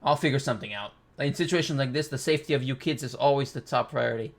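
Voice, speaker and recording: A man voicing an old male navy vice admiral who speaks in steady, protective, clipped orders while reading a comic aloud. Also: medium pitch, fast talker, creaky, close to an everyday voice. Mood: resolute.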